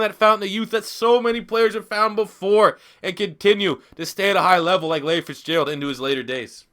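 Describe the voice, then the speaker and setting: Briskly and with hardly a pause, a man with a high, pushed, bright voice streams a football video game as a gaming YouTuber. In his twenties and a little drunk on beer, he gives rambling, profane, joking commentary.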